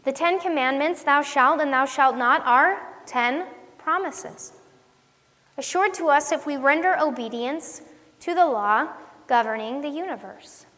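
With a measured pace and a high, slightly bright voice, this ministry teacher leads a sincere devotional sermon. She teaches conversationally, asking questions of those listening, and the room adds long hall reverb.

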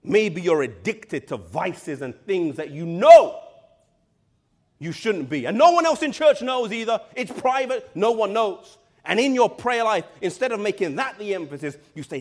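A man preaching a sermon with emphasis, addressing the congregation directly, slowing down on key words and sometimes dropping to a hush. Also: high-pitched, animated.

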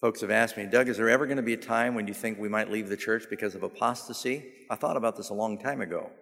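A man preaching a sermon, telling stories with humor and rising to emphatic, animated delivery. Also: lowish voice, quick pace, vocal fry. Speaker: pastor. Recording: long hall reverb.

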